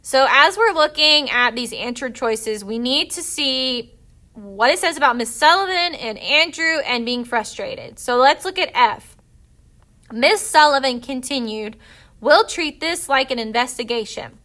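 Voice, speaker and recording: A woman teacher with a high, bright voice going over a reading passage with her class. She explains each step patiently. Her tone is clear and ringing. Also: animated, measured pace.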